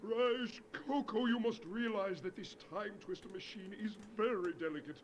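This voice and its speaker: A man's voice: sits high, normal speed, distant mic, slight background noise, natural voice. An actor playing a pompous, scheming male villain scientist in a video game, scolding sharply.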